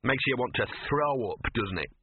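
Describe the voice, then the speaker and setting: Casting: a man putting on a gruff, smug street-dog voice, husky, recorded narrow and dry. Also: mid-range voice, animated, moderate pace. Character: scruffy cynical talking male street dog. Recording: narrow phone-like audio.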